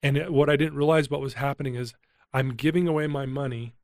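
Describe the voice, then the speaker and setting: A man's voice: medium pitch, fast talker, no room sound, clean studio sound. Earnest man telling a heartfelt story. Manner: earnest, emotional, animated retelling. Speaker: guest, addiction recovery coach. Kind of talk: candid storytelling interview.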